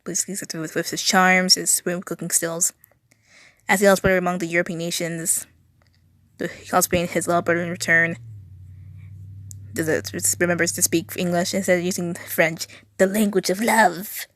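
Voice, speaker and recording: A woman's voice: fairly low pitch, flat delivery, moderate pace, fairly bright tone, dry recording. A young adult woman reading text aloud, often tripping over words and correcting herself, with exasperated asides. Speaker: video creator.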